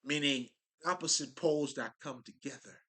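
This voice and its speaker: Male spiritual talker, bright tone, casual profane street-style musing with restarts. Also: medium pitch, moderate pace, husky. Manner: loose, profane street talk, restarts and laughs. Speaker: spiritual speaker.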